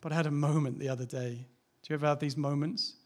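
A man's voice: fairly high pitch, steady tone, fast talker. A man, a pastor, preaching a sermon in a candid, conversational way, asking rhetorical questions and laughing lightly now and then.

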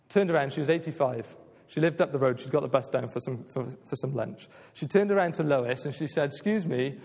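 A man preaching with earnest, emphatic conviction, his voice sitting a little higher than most men's. His words ring out with a long reverb tail, as if spoken in a large hall. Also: creaky, a little mellow. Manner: earnest, emphatic, repeats "just maybe" and "right?". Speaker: pastor. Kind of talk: sermon.

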